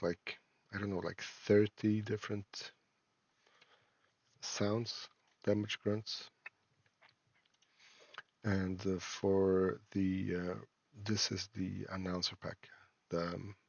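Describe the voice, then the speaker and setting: Guy doing a casual game devlog, gravelly and kinda husky, lots of ums and restarts. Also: sits low, flat delivery, no room sound, dull audio. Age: adult, a parent. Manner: halting, with many fillers and restarts. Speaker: indie game developer. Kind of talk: casual screen-recorded devlog.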